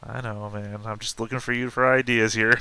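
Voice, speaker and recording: A man playing his character in a tabletop roleplay game, wry and joking, thinking through ideas out loud. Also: on the low side, little pitch movement, fairly quick, clear, resonant tone, no room sound. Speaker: player.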